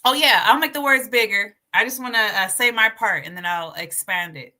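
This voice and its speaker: A woman hosting a casual livestream, chatty and animated, reading aloud from her notes while sharing her screen. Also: medium pitch, normal speed. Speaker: livestream host.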